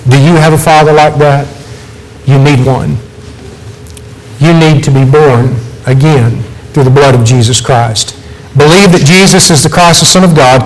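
A man's voice: fairly high pitch, rough recording. A man preaching a sermon, earnest and pleading, voice climbing for emphasis.

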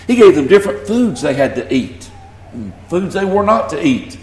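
A man's voice: fairly high pitch, sing-song, normal speed, roomy sound. A man with a Southern US accent preaching a sermon, earnest and building to emphasis when he reads scripture. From Southern United States. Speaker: pastor.

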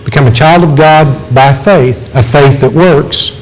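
A man's voice: on the high side, a little slow, slight background noise, rough recording. A man preaching a sermon, earnest and pleading, voice climbing for emphasis.

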